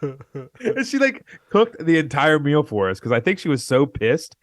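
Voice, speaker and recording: A man co-hosting a podcast, telling a rambling, animated story in casual chat. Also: fairly high pitch, a little slow, no echo. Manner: rambling, animated, acts out quoted lines. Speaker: podcast co-host.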